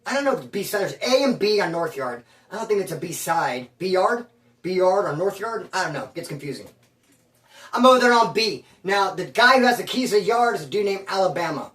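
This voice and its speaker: A man who served time telling prison stories in a casual, slangy, animated streetwise way. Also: sits high, far from the mic. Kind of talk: casual storytelling. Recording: roomy sound from away from the mic.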